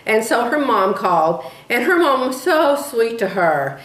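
A woman's voice: on the high side, sing-song, unhurried. A woman in her sixties telling rambling stories in a casual vlog, chatty and drifting off topic, laughing at herself. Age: 60s. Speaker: beading vlogger. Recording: echoey room.

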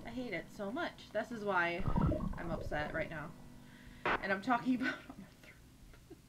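A woman's voice: medium pitch, expressive, normal speed, very noisy. A young woman hosting a game playthrough, giggling and rambling emotionally as she comments. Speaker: gaming video host. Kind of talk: let's play commentary. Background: loud game music.

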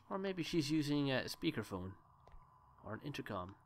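A man's voice: medium pitch, very animated, measured pace, long pauses, fairly bright tone. A man giving joking, rambling commentary while playing a horror game, talking to himself. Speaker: let's play gamer. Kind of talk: gameplay commentary.

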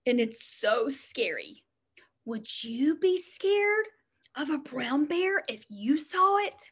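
Slow, sing-song high-voiced woman teacher. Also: vocal fry, a bit bright, slightly rough. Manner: sing-song and encouraging, asking children questions. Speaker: preschool teacher. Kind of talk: reading a picture book aloud to young children.

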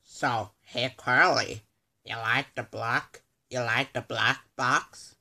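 Very bright, slow-talking man. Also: medium pitch, steady tone, gravelly.

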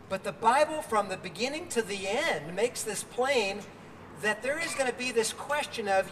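High-voiced older male preacher outdoors. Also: expressive, moderate pace, a bit bright, in a large hall, recorded from a distance, a little hiss or hum. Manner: earnest, with fillers and restarts. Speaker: pastor. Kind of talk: sermon.

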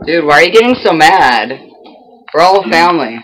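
A man's voice: on the high side, big pitch swings, brisk, fairly bright tone, a little hiss or hum, poor audio. A man chatting over game voice chat, taunting his opponents with mock outrage and repeating the same accusations over and over.

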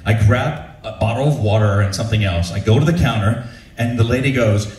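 A man telling a comic story to a live audience, animated and self-deprecating, laughing as he goes. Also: on the low side, a little fast, roomy sound, distant mic. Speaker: stand-up storyteller, show host. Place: shipboard show venue.

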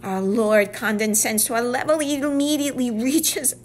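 A woman's voice: a little high, normal speed, a little hiss or hum. Earnest woman teaching the Bible. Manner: earnest, drops to whispers for emphasis. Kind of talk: devotional teaching.

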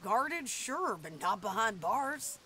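A woman's voice: fairly high pitch, sing-song, takes it slowly, slight background noise, exaggerated voice. A woman voicing a fierce, vengeful frontier outlaw woman who talks blunt and hard. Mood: grim determined. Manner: curses and shouts in gunfights, hard and blunt. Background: game music.

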